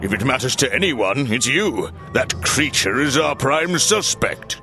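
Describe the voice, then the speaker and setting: A serious, insistent detective from a video game, lecturing his partner in a firm, gravelly voice. His pitch moves lively as he presses his point, and game music sits clearly beneath him. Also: measured pace.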